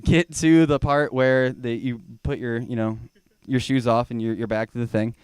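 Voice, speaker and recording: A man's voice: medium pitch, steady tone, moderate pace, a little mellow, smooth, dry recording. A young man from Georgia doing a rambling, profane stand-up set in a small venue. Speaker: stand-up comedian.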